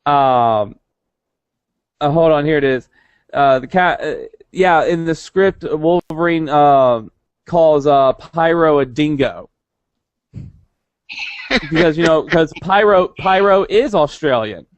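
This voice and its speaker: A man's voice: a little high, slow, pauses often, dry recording, dull audio. A young man co-hosting a casual podcast, rambling with many restarts. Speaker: podcast co-host. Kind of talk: casual chat.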